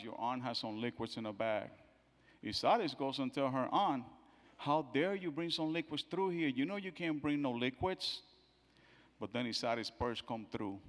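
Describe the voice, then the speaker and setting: Middle-aged man, father's eulogy, storytelling, mid-pitched voice, long church reverb. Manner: storytelling, acting out quotes, swings from soft to loud. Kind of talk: funeral eulogy with family stories. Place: church sanctuary.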